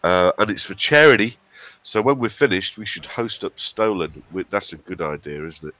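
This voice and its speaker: A man's voice: low-pitched, expressive, moderate pace, sharp tone, no echo. Chatty English man with a cold. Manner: chatty, banter with jokey asides. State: has a cold. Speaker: stream co-host. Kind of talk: casual live-stream chat.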